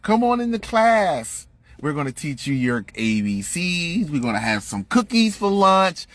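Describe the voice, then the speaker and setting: A man's voice: very animated, a little slow, fairly bright tone, dry recording. A man faking a sugary singsong schoolteacher lady. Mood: sugary mocking. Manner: high falsetto, singsong, patronizing. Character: sugary, condescending female grade-school teacher. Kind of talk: mocking impression on a livestream.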